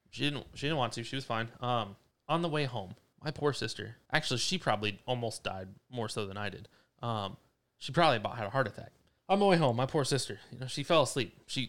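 A man's voice: mid-range voice, fairly bright tone, clean tone. A young man co-hosting a podcast, telling a driving story in casual, profane chat. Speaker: podcast co-host.

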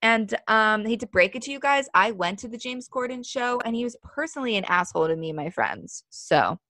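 A woman's voice: on the high side, very animated, fairly quick, bright, forceful tone, no room sound. A young woman in her twenties co-hosting a casual podcast, chatty and opinionated, full of "like" fillers. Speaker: podcast co-host. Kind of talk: casual chat.

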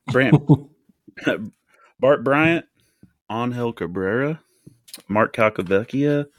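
A man's voice: medium pitch, expressive, extremely slow, dry recording. A man co-hosting a golf podcast, easygoing, laughing easily and reading off lists. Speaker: podcast co-host. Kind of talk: casual chat.

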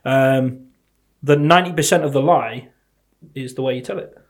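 A man's voice: medium pitch, normal speed. A young man, chatting with wry, teasing remarks. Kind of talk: casual chat.

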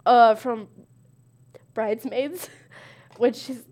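A woman's voice: on the high side, drawn-out words, darkish tone. A young adult woman co-hosting a casual chat over a party game, giggling and laughing often. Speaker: co-host.

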